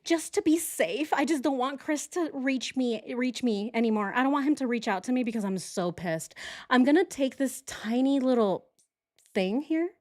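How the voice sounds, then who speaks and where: A woman's voice: high-pitched, moderate pace, a little mellow, dry recording, clean studio sound, pitched above the performer's own voice, natural voice. A woman putting on a mocking impression of a petty, melodramatic young woman who rattles off orders on the phone, whiny and over the top. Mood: breathless.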